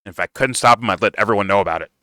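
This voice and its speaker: A man's voice: on the low side, very fast, sharp tone, no echo, studio quality. A man doing casual reaction commentary, blunt and profane, rambling and restarting his sentences. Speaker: reaction streamer.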